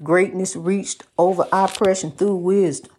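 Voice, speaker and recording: A woman's voice: on the low side, steady tone, unhurried, mellow, slightly rough. A woman giving a motivational, preachy talk, repeating phrases in a rhythmic cadence with casual asides.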